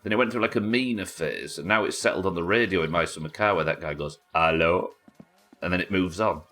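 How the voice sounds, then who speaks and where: Deep british guy chatting and cursing over a game stream, low voice, faint music under it. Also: fast, pushed and bright. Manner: chatty, swears, reads chat aloud. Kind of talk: casual gameplay chat.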